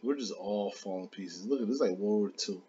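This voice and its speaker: A man playing a video game with his young child, giving casual, excitable commentary, laughing often and cheering on other players. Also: lowish voice, a little fast, muffled recording, a little hiss or hum.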